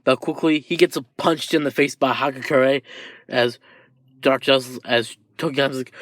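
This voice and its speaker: A man's voice: medium pitch, moderate pace, a bit bright, no echo, clean studio sound. A man improvising a fan story aloud, rambling and hesitant with many restarts.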